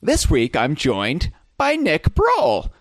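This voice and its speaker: A male podcast host chatting casually, rambling through jokes with many fillers. His pitch moves in an animated way, and the sound is dry and close. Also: slow pace, no echo. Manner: jokey, rambling, filler-heavy.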